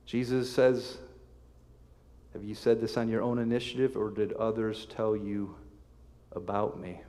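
A man preaching a sermon as pastor, reading scripture aloud with emphatic swells and sudden soft drops. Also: fairly low pitch, level tone, measured pace. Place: church sanctuary. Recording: long hall reverb.

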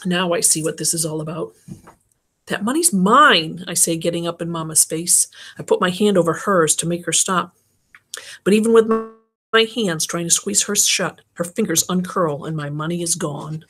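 A woman's voice: lowish voice, steady tone, normal speed, slightly rough. A woman reading a novel aloud as an audiobook, narrating in the first person. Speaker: audiobook reader.

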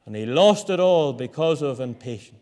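A man preaching a sermon in a church hall, impassioned, swinging from loud cries to hushed low lines. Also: expressive, normal speed. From Northern Ireland.

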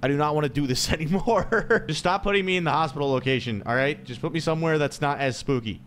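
A man's voice: on the high side, fast talker, a bit bright, a little hiss or hum. A young man playing a horror game and commentating, jittery, swearing often and talking to himself. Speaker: gaming streamer.

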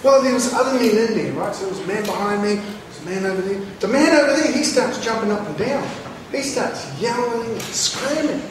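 A New Zealand man speaking as a children's author to a school audience, lively and joking as he acts out a story. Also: high voice, fairly quick, hardly any pauses. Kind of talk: storytelling talk to students. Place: large school hall. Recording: echoey hall, mic far off, noisy.

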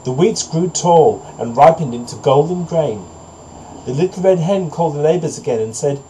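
Man, narrator, fable reading, mellow, fairly high voice, moralising. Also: animated, normal speed, slight background noise, poor audio. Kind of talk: storybook narration, then preachy commentary.

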